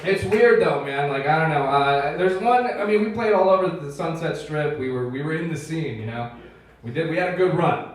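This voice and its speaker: A young man performs stand-up in a comedy club, swearing a lot and laughing through his own punchlines. His voice is a little high and moves at a moderate pace. The club mic picks him up from a distance with plenty of echo and loud room noise.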